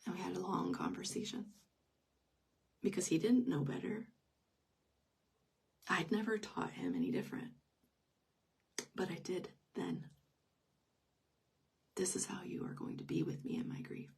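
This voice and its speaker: A woman's voice: on the low side, wildly swooping pitch, a little slow, creaky, pauses often, darkish tone, husky, distant mic. A middle-aged woman telling a personal story in an unscripted live stream, intimate and emotional, often dropping to a whisper. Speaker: grief teacher.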